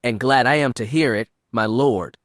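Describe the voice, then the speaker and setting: A man's voice: mid-range voice, moderate pace, no echo, clean studio sound, close to an everyday voice. A man voicing an eager, deferential male Imperial officer in an audiobook.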